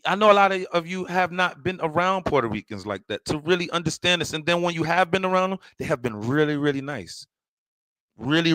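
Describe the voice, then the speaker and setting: New dude ranting on his stream, high sharp voice, keeps repeating himself. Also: dry recording, poor audio. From New York City. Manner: ranting, repetitive, confrontational. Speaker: online show host. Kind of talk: heated livestream rant.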